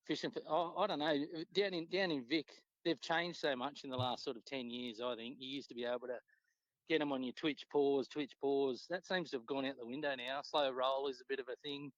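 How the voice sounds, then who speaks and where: A man with an Australian accent, a podcast guest telling fishing stories in a relaxed, swearing, casual way. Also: fairly quick, no room sound. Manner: laid-back, swears freely, acts out quotes with pitch jumps. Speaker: podcast guest, tournament angler. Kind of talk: casual storytelling chat. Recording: dull lo-fi dry sound.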